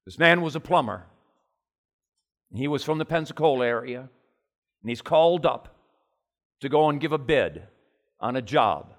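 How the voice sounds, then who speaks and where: A man preaching a sermon with passion, climbing loud and high in his stories and then dropping low and quiet into prayer. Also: lively intonation, a little slow, long pauses.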